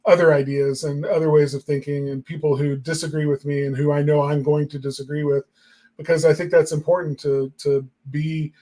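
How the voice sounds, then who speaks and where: A man's voice: a little high, level tone, fairly quick, dark tone. A man co-hosting a marketing talk show, musing in casual chat with lots of fillers. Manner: reflective and rambling, many fillers.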